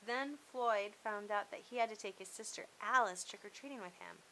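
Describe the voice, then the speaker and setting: Storyteller woman, bright, expressive read-aloud, mid pitch. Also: moderate pace, a little hiss or hum, rough recording.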